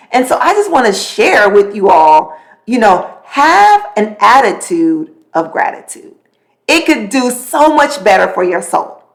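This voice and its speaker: A middle-aged woman talks alone into her podcast mic in a casual, animated monologue. Her voice sits a touch high, and she shifts pitch and speed often as she tells her story. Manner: animated storytelling, quick swings in pitch and pace. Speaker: podcast host.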